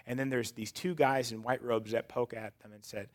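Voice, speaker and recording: A man, a church pastor, preaching in a conversational way that builds to loud, emphatic peaks. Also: medium pitch, fairly even intonation, moderate pace. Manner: self-described sarcastic. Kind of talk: sermon.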